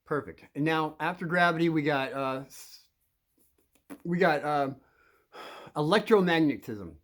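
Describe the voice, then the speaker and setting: A man giving rambling advice to children about bullies, acting out scenes and bursting into loud quoted lines. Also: a little high, expressive, unhurried.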